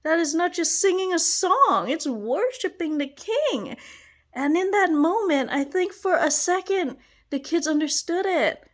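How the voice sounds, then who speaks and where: High-voiced, gushing young woman. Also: animated, a little slow. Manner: gushing, exclamatory, often breaks into laughter. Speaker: children's church teacher. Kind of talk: excited personal testimony.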